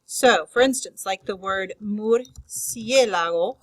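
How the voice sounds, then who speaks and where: A woman teaches a grammar lesson at an unhurried pace, slowing further to spell out each term. Her voice is bright and clear. She speaks unscripted, with fillers and restarts, in a dry room with no echo. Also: mid-range voice. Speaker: Spanish teacher. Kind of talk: explaining grammar rules.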